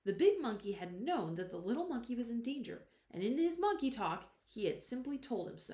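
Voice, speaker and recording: A woman reads a chapter of a novel aloud with lively, swinging pitch. She stops now and then to explain an old word to her listeners. The room echoes around her voice. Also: fairly quick, hardly any pauses. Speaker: storyteller. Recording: roomy echo.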